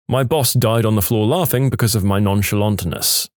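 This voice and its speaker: A man narrating funny reddit stories in an expressive, storytelling way. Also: on the low side, normal speed, no room sound, studio quality.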